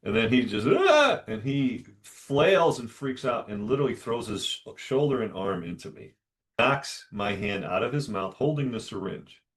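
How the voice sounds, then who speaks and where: A man, a dentist hosting a podcast, telling a story alone and acting out the dialogue with lively shifts of voice. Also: mid-range voice, moderate pace. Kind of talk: solo storytelling monologue.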